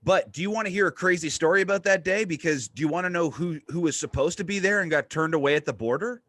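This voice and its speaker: A man hosting a podcast, telling a story in a casual, excited way and swearing freely. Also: fairly high pitch, quick pace, no echo. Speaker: podcast host.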